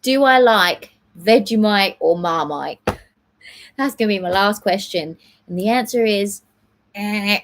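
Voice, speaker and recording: Chatty young woman, slightly low voice. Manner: chatty and rambling, many "like" and "um" fillers. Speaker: live stream host answering viewer questions. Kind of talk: casual live Q&A chat.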